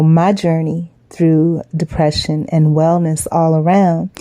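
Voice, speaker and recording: A woman's voice: fairly low pitch, mellow, no echo. A woman making a casual, earnest appeal to viewers to support her sticker collection, rambling with many fillers. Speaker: small business owner promoting her sticker collection. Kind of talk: casual direct-to-camera appeal.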